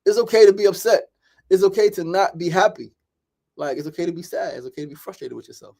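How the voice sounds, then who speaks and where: Man, middle-aged, daily talk host, slightly high voice, casual, swears a lot, repeats himself. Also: fast talker, creaky, darkish tone. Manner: profane, repeats phrases, frequent "right?".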